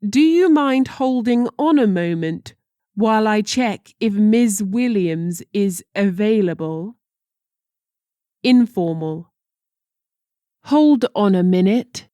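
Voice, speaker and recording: Woman teacher reading phrases super slow, mellow dark voice, dry sound. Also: mid-range voice, expressive, clear, resonant tone, dry recording. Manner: slow and deliberate, careful pronunciation. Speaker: language teacher.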